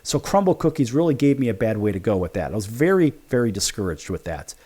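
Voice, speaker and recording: A man hosting a sports talk show, spinning a casual monologue. His pitch rises and falls a lot, and he acts out each side of the conversations he recounts. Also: quick pace. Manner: animated, acts out both sides of conversations.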